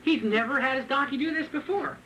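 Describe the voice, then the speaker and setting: A man preaching a sermon, reading scripture and then retelling it in a joking, animated way with frequent laughs. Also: very high voice, a little fast, a little hiss or hum, poor audio. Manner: animated, joking, laughs often at his own asides; reads scripture aloud and then retells it in plain talk. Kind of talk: sermon with Bible reading and commentary.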